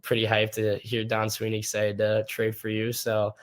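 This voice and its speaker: A young man from Minnesota speaks in a low, nearly monotone voice with little rise or fall. He talks easily and at length, stringing his stories together in a relaxed interview manner. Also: normal speed. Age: young adult. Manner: easygoing, rambling storytelling. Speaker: hockey player guest. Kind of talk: casual interview.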